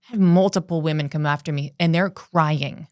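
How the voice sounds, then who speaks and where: A woman's voice: low-pitched, brisk. A woman business coach, a guest on a podcast, telling stories in an earnest, motivational way. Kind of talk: casual conversational interview.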